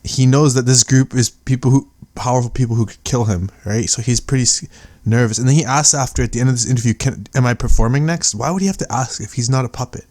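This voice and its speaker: A man talking through a casual commentary, rambling and restarting his sentences as he goes. His voice sits at an ordinary middle pitch. The sound is dry and close, with no room around it. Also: fast talker, few pauses, a little mellow, no room sound. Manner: rambling, filler-heavy, many restarts. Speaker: conspiracy video commentator.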